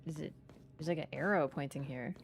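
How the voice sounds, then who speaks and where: A young woman streaming a horror game live, chatting excitably, joking and swearing at the game. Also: sits low, brisk, slight background noise. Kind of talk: live let's-play chat.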